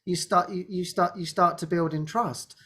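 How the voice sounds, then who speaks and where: A man's voice: high voice, steady tone, normal speed, fairly bright tone, slightly rough. A man hosting a spiritual group talk, often restarting his sentences, laughing and acting out quoted speech. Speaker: host.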